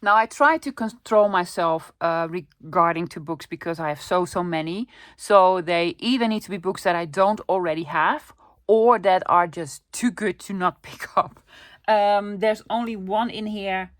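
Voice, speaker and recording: A Dutch vlogger from the Netherlands chats casually to camera about her thrift-store haul, cooing enthusiastically over the pictures. Her voice is lowish and a little slow, with no room sound.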